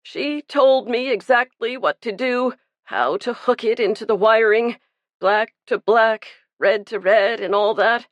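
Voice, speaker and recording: A woman's voice: fairly high pitch, measured pace, no room sound, muffled recording, pitched above the performer's own voice, natural voice. A woman reading the part of a guilt-ridden, burly male pastor who confesses earnestly and pleads for himself. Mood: pleading.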